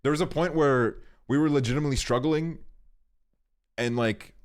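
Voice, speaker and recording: A man's voice: mid-range voice, normal speed. A young man streaming, telling long stories in rambling casual chat full of fillers and swearing. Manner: rambling, profane storytelling with frequent fillers.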